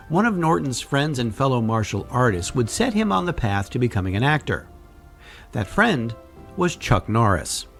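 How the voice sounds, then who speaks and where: Wry man narrating a podcast. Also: creaky. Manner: wry, conversational, puts on a deep trailer voice at times. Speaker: podcast host.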